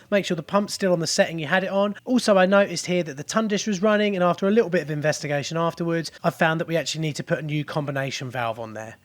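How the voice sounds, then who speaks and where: A man with a fairly high voice talks through a plumbing job in a casual how-to vlog. He is chatty and jokey, explaining each step as he works. He is recorded indoors in a house. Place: boot room of a house, indoors.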